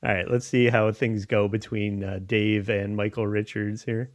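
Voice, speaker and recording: A man's voice: on the low side, little pitch movement, moderate pace, no room sound. Rambling male podcast host. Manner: rambling, laughs often. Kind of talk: casual podcast chat.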